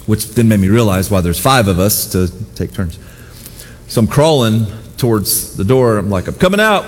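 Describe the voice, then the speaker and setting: A middle-aged man preaching a sermon as pastor, telling personal stories with self-deprecating humor and animated voices for the people he quotes. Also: on the low side, moderate pace, big-room sound.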